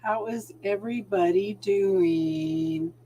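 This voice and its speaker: Slow-talking chatty woman host. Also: medium pitch, warm tone, muffled recording. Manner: chatty and sympathetic, calls viewers hun. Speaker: spiritual talk host. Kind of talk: casual live-stream chat with viewers.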